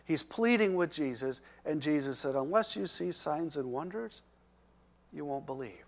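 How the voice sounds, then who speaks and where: A man preaching a sermon, slow and emphatic, growing loud and urgent when he speaks the characters' words. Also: fairly high pitch, animated, creaky. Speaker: pastor.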